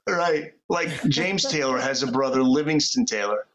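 A man's voice: medium pitch, normal speed, fairly bright tone, muffled recording. Laughing podcast host man. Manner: laughs often, runs trivia questions. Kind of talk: casual banter at a live show.

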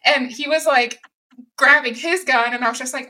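A woman's voice: high voice, moderate pace, bright, forceful tone, low-quality recording. A young woman co-hosting a podcast, recounting a story in a casual, chatty way with fillers and laughter. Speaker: podcast co-host.

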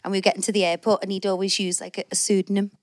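A woman's voice: medium pitch, level tone, rapid-fire, a little mellow. A woman podcast host telling a funny travel story, giggling through it. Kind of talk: casual chat anecdote.

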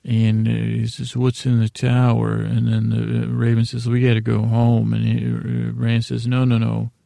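Gravelly low-key man recapping a show. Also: completely flat delivery, normal speed, mellow, no echo. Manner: rambling, paraphrases scenes loosely with fillers. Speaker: podcast host recapping an episode. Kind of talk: casual episode recap.

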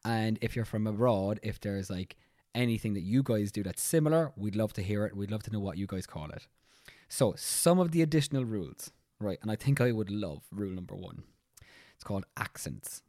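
A man's voice: fairly low pitch, lively intonation, brisk, mellow, dry recording, studio quality. An Irish man co-hosting a podcast in casual chat, playfully explaining rules step by step. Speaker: podcast co-host.

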